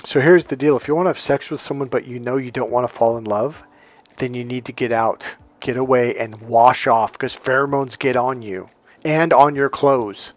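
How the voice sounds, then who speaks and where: A man talking casually as a dating coach, telling a story with lively asides and quoted voices. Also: mid-range voice, normal speed, dry recording, faint music behind. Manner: animated, mimics voices in quoted dialogue, laughs often.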